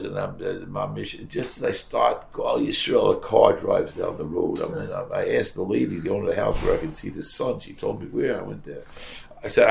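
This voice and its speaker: An older rabbi preaching in a storytelling way, his voice low and gravelly. He talks with animation, repeats his words and drops Yiddish and Hebrew terms as he goes. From United States. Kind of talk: storytelling sermon.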